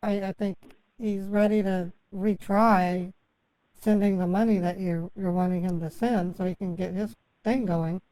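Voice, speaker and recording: A woman on a phone call, rambling through a long story and halting often, stammering and restarting her sentences with many fillers. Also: medium pitch, steady tone, warm tone. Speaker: scambaiter posing as a victim.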